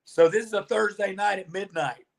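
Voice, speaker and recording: This middle-aged interview guest, a former wrestler, has a high-pitched, gravelly voice and a moderate pace. He tells lengthy stories in an animated way, acting out what others said.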